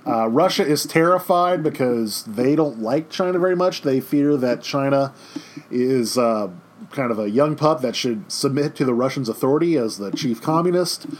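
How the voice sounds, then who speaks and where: A man's voice: medium pitch, lively intonation, moderate pace, slight background noise. A man teaching a history lesson over slides in a casual, joking way, with chatty off-the-cuff asides.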